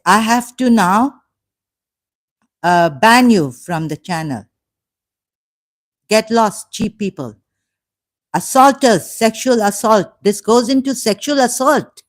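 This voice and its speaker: A woman hosting a live stream, slowly and indignantly scolding commenters in the chat. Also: on the high side, expressive. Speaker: channel host answering live chat.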